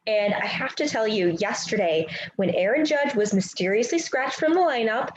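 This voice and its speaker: A woman's voice: on the high side, animated, normal speed, roomy sound, slight background noise, low-quality recording. A woman co-hosting a casual sports chat, telling stories emotionally and laughing easily. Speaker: podcast co-host.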